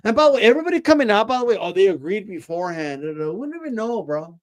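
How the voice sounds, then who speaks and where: Brief: opinionated male boxing host with a high voice, stumbling over repeated words as he rants. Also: very animated, racing. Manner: ranting, rhetorical "right?" tags, repeats words, says "bro". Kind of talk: opinionated casual commentary.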